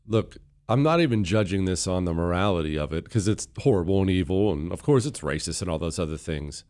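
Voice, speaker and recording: A man's voice: low-pitched, expressive, a little fast, darkish tone. Scornful male political commentator. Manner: scornful, emphatic, sarcastic. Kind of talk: opinion commentary.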